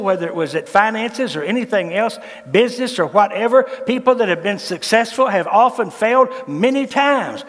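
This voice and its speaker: Male pastor; fervent, folksy sermon; high voice, long church reverb.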